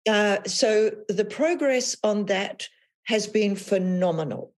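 A woman author as an interview guest, talking thoughtfully about her experiences in a measured, reflective way. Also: medium pitch. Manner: thoughtful, measured, with frequent restarts. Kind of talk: reflective podcast conversation.

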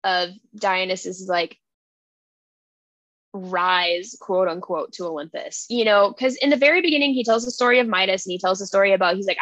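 A woman's voice: mid-range voice, normal speed, dry recording, highs cut off. A young woman co-hosting a book podcast, recapping a story in casual chat and acting out the characters' lines. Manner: animated retelling with playful quoted voices. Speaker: podcast co-host.

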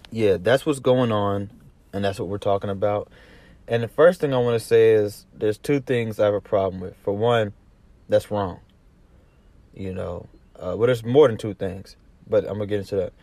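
A man's voice: lowish voice, moderate pace, a little mellow, dry recording. A man from the Southern US with a Southern accent, giving rambling, profane casual commentary full of restarts. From Southern US, Atlanta. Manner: rambling, profane, many restarts, laughs easily. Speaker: commentary vlogger.

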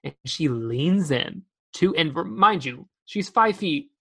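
Low-voiced young woman, animated movie chat. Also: slow pace, husky. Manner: animated storytelling with acted-out quotes. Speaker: podcast co-host. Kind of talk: casual chat reviewing a movie.

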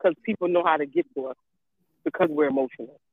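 A woman's voice: low-pitched, very fast, breathy edge, no room sound. A woman in casual chat who talks emphatically, repeats herself, and swears freely. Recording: tinny phone-like line.

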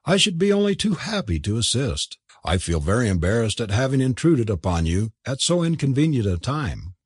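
A man's voice: mid-range voice, very animated, fairly quick, slightly rough, no room sound, clean studio sound. A man voicing a prim, flustered young male curate who stammers when cornered. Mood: fussy.

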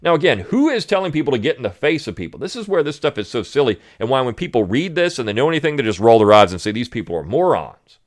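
A man's voice: mid-range voice, very animated, rapid-fire, few pauses. A man hosting a political commentary podcast, talking in a sarcastic, mocking way. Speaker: podcast host.

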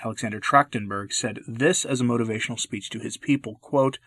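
A man delivering scripted commentary narration in a measured, deliberate way. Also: mid-range voice, a bit bright, dry recording, studio quality.

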